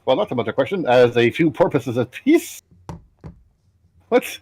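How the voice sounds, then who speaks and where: A man's voice: medium pitch, sing-song, normal speed, darkish tone, breathy edge, no room sound. A man playing a party card game with friends, reading cards aloud and laughing often. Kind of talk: casual chat while playing.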